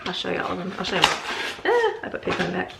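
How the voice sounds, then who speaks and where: A middle-aged woman vlogs from home, chatting and rambling and laughing often. Her fairly low, creaky voice swings hugely in pitch and comes out rapid-fire. The echoey room carries faint ambient noise.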